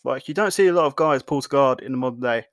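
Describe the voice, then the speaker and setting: A man's voice: medium pitch, fast talker, no room sound, studio quality. A man hosting a podcast, recapping fights in casual, blunt talk full of swearing and fillers. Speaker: podcast host.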